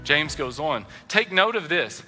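Animated pastor preaching in a reverberant hall. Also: male voice, a little high, measured pace, over loud music. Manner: animated, acts out quoted voices. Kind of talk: sermon. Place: church sanctuary.

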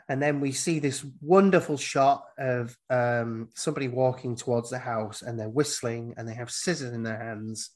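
Chatty man recapping a film. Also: medium pitch. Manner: retells scenes, acting out the characters' lines. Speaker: podcast host. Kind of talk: casual film recap chat.

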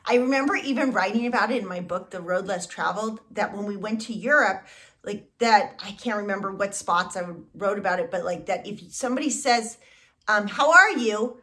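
A woman's voice: mid-range voice, fairly quick, a bit bright. A woman from the United States co-hosting a podcast in casual chat, talking freely with many "like" fillers and restarts. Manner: chatty, many "like" fillers, restarts mid-thought. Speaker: podcast co-host.

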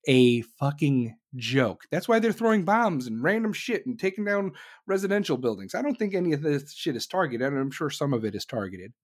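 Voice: medium pitch, sing-song, fast. Ranting commentator, heavy swearing, blunt, heated delivery. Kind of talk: profane political rant.

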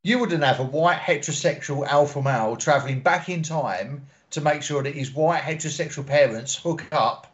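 A man's voice: fairly high pitch, moderate pace, few pauses, dull audio, faint music behind. A man joining a casual live show, chatting bluntly.

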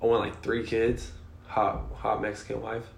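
A man's voice: lowish voice, monotone, moderate pace, creaky. A young man co-hosting a podcast, telling rambling stories with swearing and laughter in casual chat. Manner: profane, laughing storyteller. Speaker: podcast co-host. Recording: echoey room.

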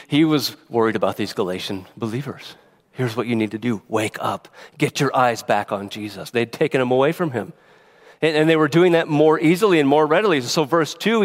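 A man preaching a sermon in an earnest, emphatic way, often restarting his words. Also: mid-range voice. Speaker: pastor.

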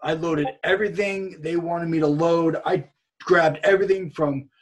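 Husky man spinning a rambling story. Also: on the high side, normal speed. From California. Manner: rambling, animated anecdote-telling with many repeats and quoted dialogue. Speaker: interview guest, wrestler and streamer. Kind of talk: casual storytelling in a podcast interview.

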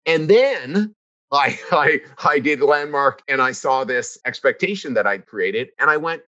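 A middle-aged man talks in an earnest, reflective way, circling back and restarting as he tells a personal story. His mid-pitched voice comes through a slightly dull, muffled recording. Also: lively intonation, normal speed, pushed and bright. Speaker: podcast co-host. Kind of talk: casual conversation.

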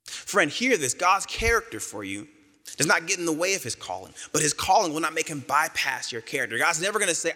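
Male pastor, bright tone, easygoing humorous sermon delivery, big echoing church hall. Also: on the high side, sing-song. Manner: casual, joking storyteller with quick quoted voices.

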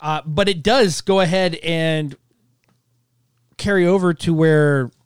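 A man's voice: fairly high pitch, takes it slowly, a little hiss or hum. A man co-hosting a podcast, casually recapping a movie, joking and laughing, with lots of "like" and "uh". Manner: jokey and laughing, recaps plot loosely with "like" and "uh". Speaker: podcast co-host. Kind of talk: casual movie-discussion chat.

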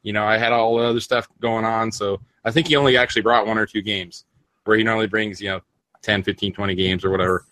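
A man's voice: fairly low pitch, fairly even intonation, fast, bright, forceful tone, no room sound. A man hosting a casual podcast chat, rambling with frequent restarts and fillers. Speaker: podcast host.

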